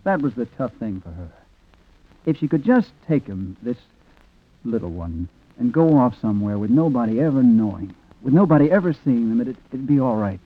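An actor narrating a 1940s radio drama as a reflective man, quiet and rueful. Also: medium pitch, sing-song, normal speed. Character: reflective man telling a sad story. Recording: tinny old radio recording with music.

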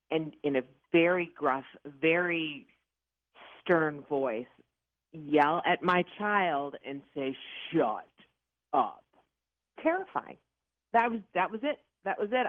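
A woman in her fifties from the Chicago area recounts her ghost encounters with lively drama and self-mocking humor. Her voice comes through a thin, phone-like line with no room sound at all. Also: sits low, dry recording. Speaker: paranormal investigator guest. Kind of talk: animated storytelling interview. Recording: tinny phone-like line, dry.

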